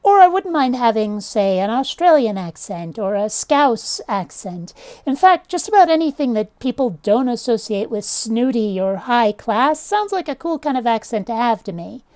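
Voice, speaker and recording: A middle-aged woman talks to camera at home, her general American speech carrying a faint Vermont accent. Her voice sits a little high for a woman. She is chatty and self-mocking, and she drops the odd swear word in passing. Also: sing-song, normal speed, a little mellow. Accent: mostly general American with a faint Vermont trace. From Vermont, USA. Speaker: YouTuber. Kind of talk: casual to-camera chat. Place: at home with cats on her lap.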